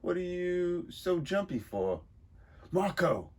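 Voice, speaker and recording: A man voicing a gruff middle-aged male gangster sidekick in a comic book reading, with blunt street talk. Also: high voice, very animated, slow, pitched above the performer's own voice, exaggerated voice. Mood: pushy.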